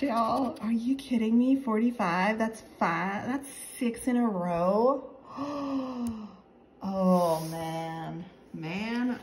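A woman reads numbers off lottery tickets in a casual, excitable way, laughing often. Her pitch swoops widely while her pace stays slow and drawn out. A faint noise sits under the recording. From North Carolina. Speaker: scratch-off ticket vlogger.

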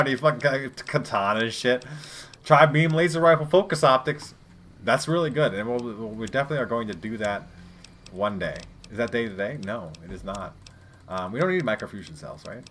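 A man, an adult parent, does let's play commentary in a casual, wandering style, swearing liberally and addressing his viewers. The voice is lowish and a touch bright, and there's a little hiss or hum in the recording.

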